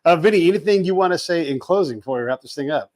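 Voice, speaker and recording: A man hosting a podcast interview, relaxed, with short agreeing replies. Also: a little high, racing. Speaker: podcast host. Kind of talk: casual interview talk.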